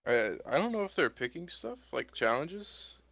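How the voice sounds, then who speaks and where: A man's voice: on the high side, big pitch swings, moderate pace, creaky, a bit bright, dry recording. A man co-hosting a game stream, laid-back and joking. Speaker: co-caster. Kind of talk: casual stream chat.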